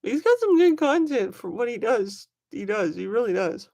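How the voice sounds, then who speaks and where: Speaking at a moderate pace with a creaky, mid-range voice, a knife collector rambles excitedly through a casual livestream and calls out chat viewers by name.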